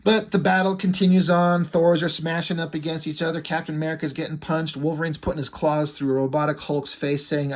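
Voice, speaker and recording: A man's voice: a little high, little pitch movement. Blunt man reviewing comics aloud. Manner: blunt, profane, reads dialogue aloud with quick asides. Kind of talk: casual comic review narration.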